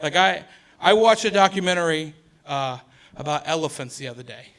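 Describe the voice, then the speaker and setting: Bright high-voiced male comedian. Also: expressive, a little fast. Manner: chatty, laughing through lines, self-correcting. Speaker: stand-up comedian. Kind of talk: stand-up comedy. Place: comedy stage before an audience.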